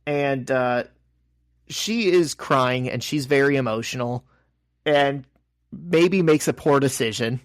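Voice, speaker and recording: A man's voice: medium pitch, slow pace, no echo, clean studio sound. A man co-hosting a podcast, casually recapping a comic and acting out the characters' lines. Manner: animated retelling, acting out quotes. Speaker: podcast co-host.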